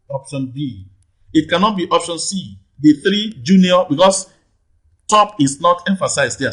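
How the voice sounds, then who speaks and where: Husky-voiced man tutoring exam questions. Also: fairly high pitch, fairly bright tone, rough recording. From Nigeria. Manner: patient, repeats question numbers, asks "right?". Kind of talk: teaching lesson, explaining answers.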